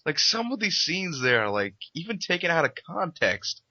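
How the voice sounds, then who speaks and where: Male co-host, sharp breathy voice, lively swings, dry lo-fi mic. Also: fairly high pitch, moderate pace, no room sound. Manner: swearing, emotional exclamations. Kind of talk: casual review chat.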